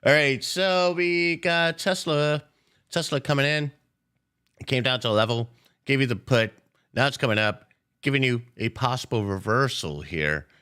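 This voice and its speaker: A man's voice: medium pitch, animated, moderate pace, sharp tone, clean tone. A man hosting a live day-trading stream, chatting casually with viewers in a loose, playful way and swearing freely. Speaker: day-trading livestream host. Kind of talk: casual live market commentary.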